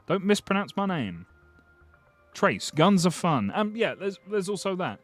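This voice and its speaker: A man's voice: high voice, sing-song, unhurried, soft background music. A man streaming, casually chatting and joking as he reads viewer comments, swearing freely and restarting his sentences. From United Kingdom. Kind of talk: casual livestream chat reading viewer comments.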